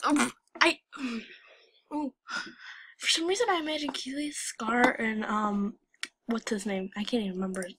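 A woman's voice: fairly high pitch, moderate pace, long pauses, a little hiss or hum. A teenage girl hosting her channel, giggling and rambling as she reacts to images she scrolls through. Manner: giggly, rambling, excitable outbursts. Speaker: channel host. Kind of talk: casual commentary while browsing images.

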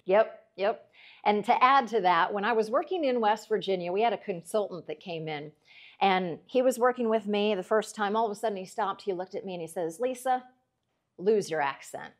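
A middle-aged woman, a meteorologist telling folksy, lively stories as a guest speaker at a club. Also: mid-range voice, brisk. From Kansas. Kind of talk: after-dinner talk, storytelling.

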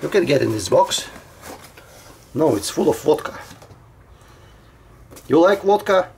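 A slow, gravelly voice that swoops widely up and down as it chats to cats at home. The speaker teases and coaxes the pets in plain, broken English. The tone stays playful throughout. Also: mid-range voice, very animated, background noise. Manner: teasing, coaxing and chatty with the cats. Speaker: pet owner filming cats.

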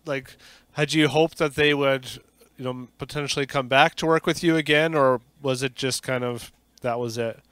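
A man hosting a podcast interview, asking questions and giving short, soft-spoken replies. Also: mid-range voice, steady tone, moderate pace, smooth, no room sound. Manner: soft-spoken, brief encouraging responses. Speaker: podcast host. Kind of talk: casual interview.

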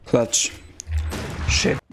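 A man's voice: drawn-out words, over music. A man chatting over game voice chat, full of crude jokes and playful trash talk. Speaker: gamer streaming voice chat.

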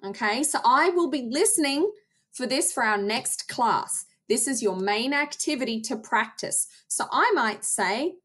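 Woman, theatre arts teacher, recorded lesson for small kids, fairly high voice, slow, carefully articulated. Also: lively intonation, fairly bright tone. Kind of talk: recorded lesson for young children.

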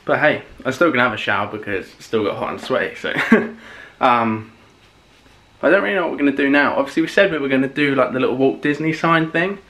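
A man's voice: medium pitch, animated, quick pace, fairly bright tone. A young man chatting casually to camera for a vlog, rambling with plenty of fillers and restarts. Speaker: vlogger.

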